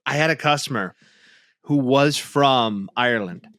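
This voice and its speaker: A man's voice: medium pitch, measured pace, fairly bright tone, dry recording, studio quality. A man co-hosting a sports podcast in a casual, gossipy way, often repeating and restarting his words. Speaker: podcast co-host.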